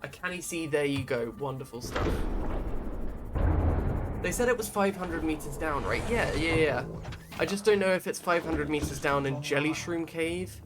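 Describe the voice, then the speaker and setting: A man's voice: a little high, animated, moderate pace. A man talks casually at a desk microphone as he streams a game, wandering from thought to thought and reading chat aloud. Game music plays behind his voice the whole time. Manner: chatty, rambling, reads chat aloud. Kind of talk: casual gameplay commentary.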